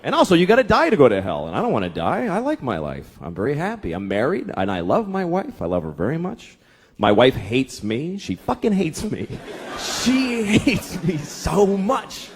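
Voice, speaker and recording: A man's voice: a little high, moderate pace. A man doing a stand-up comedy routine, telling profane, exaggerated stories about married life into a stage mic. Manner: profane, exaggerated, animated storytelling. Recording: live show with audience and room noise.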